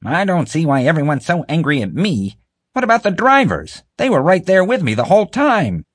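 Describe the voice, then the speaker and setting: A man's voice: fairly high pitch, huge pitch swings, moderate pace, breathy edge, no room sound, studio quality, pitched above the performer's own voice, full character voice. A man voicing a defensive middle-aged woman who protests and whines about being blamed. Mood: whiny. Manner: whiny, protesting.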